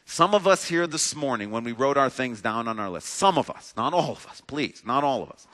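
A man's voice: medium pitch, expressive, brisk, fairly bright tone. A male pastor delivering a sermon in a church sanctuary, earnest, with a repetitive preaching cadence. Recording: long reverb of a large hall.

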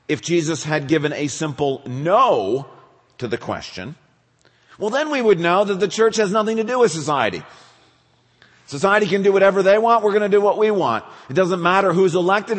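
A male pastor preaching a sermon, animated, acting out questions in quick bursts. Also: high-pitched. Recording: reverberant church hall.

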